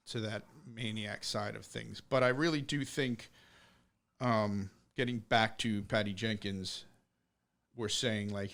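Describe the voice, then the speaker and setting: Animated, swearing male podcast co-host. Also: on the low side, takes it slowly. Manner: animated, swears freely, acts out quoted voices. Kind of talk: casual film chat.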